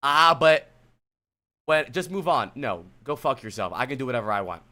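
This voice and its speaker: A man's voice: medium pitch, animated, normal speed, bright, forceful tone. A man coaching a player on a live stream, blunt, exasperated and profane, turning to chat as he lectures. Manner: talks to chat while lecturing a student. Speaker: streamer coach reviewing gameplay.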